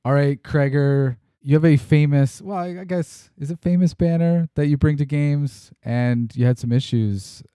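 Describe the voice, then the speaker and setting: Mellow, smooth-voiced male podcast host. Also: on the high side, normal speed, few pauses, no echo. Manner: relaxed, leads the conversation and prompts the guest. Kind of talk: casual chat.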